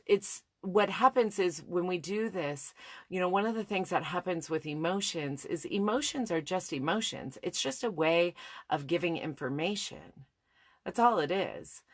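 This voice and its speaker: Low-voiced woman telling a candid story. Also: dry recording, studio quality. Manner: candid, reflective, with restarts. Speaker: speaker on listening skills. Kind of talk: personal storytelling talk.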